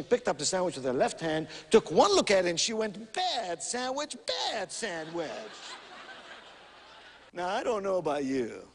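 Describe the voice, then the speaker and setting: A man's voice: on the high side, big-room sound. A man giving a motivational keynote, telling stories with emphatic, theatrical delivery and rhythmic repetition. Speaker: motivational speaker.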